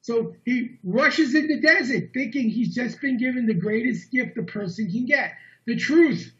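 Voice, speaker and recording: High-voiced man telling a story. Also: normal speed. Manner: animated, earnest storytelling. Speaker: guest speaker. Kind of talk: storytelling talk. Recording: dull lo-fi online meeting audio.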